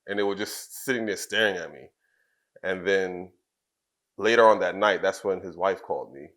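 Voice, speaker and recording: Soft-spoken low-voiced man from Trinidad. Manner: soft-spoken, halting, with many fillers and restarts. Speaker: wrestler guest. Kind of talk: shoot interview storytelling.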